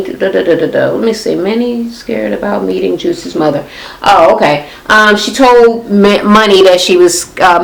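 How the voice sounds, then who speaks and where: A woman's voice: fairly low pitch, rough recording. A woman hosting a casual reality TV recap, talking bluntly and profanely as she retells scenes in quoted voices.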